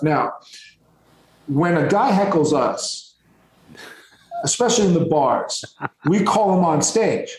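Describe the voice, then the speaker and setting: A rock musician telling tour stories in a casual, animated and profane way. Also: male voice, on the high side, slow, pauses often, roomy sound, rough recording. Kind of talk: casual storytelling.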